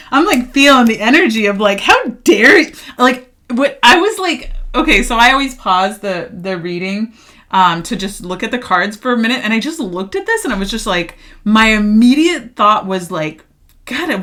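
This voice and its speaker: A tarot reader gives a casual reading, chatty and emphatic, packing her speech with fillers and getting worked up as she talks. Her voice is a little high and a bit bright.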